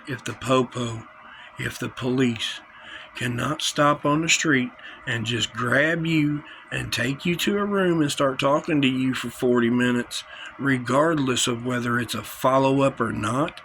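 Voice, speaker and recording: A man's voice: medium pitch, measured pace, fairly bright tone, a little hiss or hum, poor audio. A man delivering an angry, confrontational vlog rant, full of threats and repetition. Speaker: vlogger. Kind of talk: angry direct-to-camera rant.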